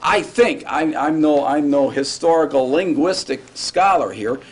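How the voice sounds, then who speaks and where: A man gives a grammar lesson to students in a classroom. His voice sits a little high for a man, and his delivery is casual and conversational. He keeps checking that the class is following. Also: lively intonation, measured pace, slightly rough. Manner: casual, checks in often with "all right?" and "right?". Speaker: Hebrew grammar teacher. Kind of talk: classroom lecture.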